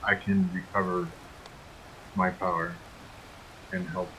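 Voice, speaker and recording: A relaxed man talks through his plans in a tabletop game. His voice sits very low and deep. Clear background noise runs under him. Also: takes it slowly, rough recording. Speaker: player. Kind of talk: casual tabletop play.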